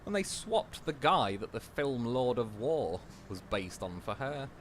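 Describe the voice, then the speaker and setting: A man's voice: medium pitch, big pitch swings, unhurried, a little hiss or hum. A young man livestreaming a game, chatting casually and rambling through anecdotes, swearing freely. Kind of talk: casual chat while gaming.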